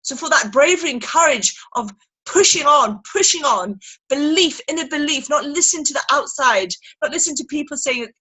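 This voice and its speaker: A woman leading a sales team through a motivational training talk on a video call, animated and emphatic, acting out little scenes as she speaks. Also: sits high, moderate pace, rough recording.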